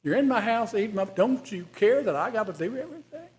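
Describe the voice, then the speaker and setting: A frazzled, overworked hostess, as a man puts her on, pitched well above his usual voice and pushed louder. She complains and pleads in a shrill, insistent way, a woman at the end of her patience. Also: expressive, fast talker. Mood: complaining.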